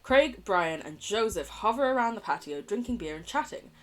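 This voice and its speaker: A woman's voice: medium pitch, animated, normal speed. A woman streamer, reading a dating game aloud, giggling often, swearing and trying out voices for the characters.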